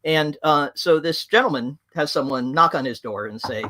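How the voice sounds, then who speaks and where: A man's voice: fairly high pitch, normal speed, few pauses, sharp tone. A man hosting a livestream, talking in a chatty, rambling way with lots of fillers. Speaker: livestream host. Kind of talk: opinionated livestream talk.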